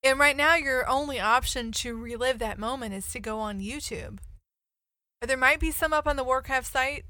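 A woman co-hosts a casual podcast, talking through her ideas at length. Her voice is bright and slightly high. It sounds dry and close. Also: normal speed, dry recording. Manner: chatty, explains ideas at length. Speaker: podcast co-host. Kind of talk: casual chat.

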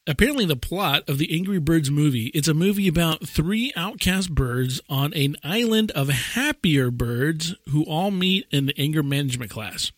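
A man's voice: on the high side, expressive, normal speed, hardly any pauses, a bit bright, dry recording, studio quality. A man co-hosting a podcast, rambling casually and laughing often as he tells stories. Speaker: podcast co-host.

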